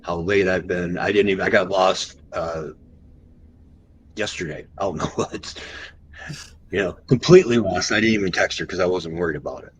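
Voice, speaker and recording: Man, deep low voice, podcast guest, animated storyteller, drawn-out pauses at tense parts. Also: slight background noise, rough recording. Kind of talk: recounting an encounter story.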